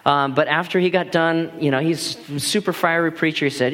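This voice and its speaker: A man in his thirties, a pastor telling personal stories in a lively, animated sermon full of restarts. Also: a little high, normal speed, hardly any pauses. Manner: animated, laughing storyteller with many restarts. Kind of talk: storytelling sermon.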